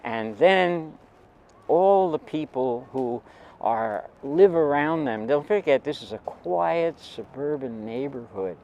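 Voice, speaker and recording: An older man recalling a teenage memory, talking in a halting, rambling way with many restarts. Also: mid-range voice, warm tone, slight background noise, poor audio. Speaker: storyteller. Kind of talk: personal anecdote.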